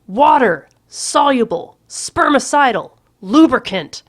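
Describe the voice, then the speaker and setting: A vain young man shouts back in loud, clipped bursts, impatient and self-absorbed, as a woman reads him out. The voice is gravelly and dry, with no room sound around it. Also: fairly low pitch, expressive, slow pace, no echo, heavily acted. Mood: irritated.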